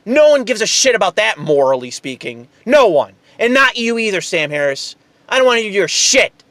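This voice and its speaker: A man with a high-pitched voice, hosting a heated, profane, sarcastic political rant. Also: sing-song, normal speed, fairly bright tone, no room sound. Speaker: political commentary host.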